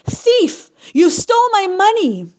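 A woman voicing a desperate, poor old widow who pleads in a tearful, high-strung way. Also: big pitch swings, measured pace, darkish tone. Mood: accusing.

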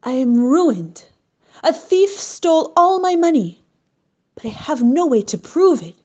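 Woman doing a desperate old widow, shrill and pleading, loud, lilting, storybook reading. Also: sing-song, measured pace, lo-fi sound. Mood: despairing. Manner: pleading, tearful, high-strung.

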